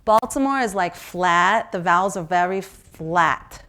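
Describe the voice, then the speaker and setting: A woman from New York leading an interactive seminar, talking lively and asking the audience questions. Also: lowish voice, a little slow. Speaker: workshop presenter.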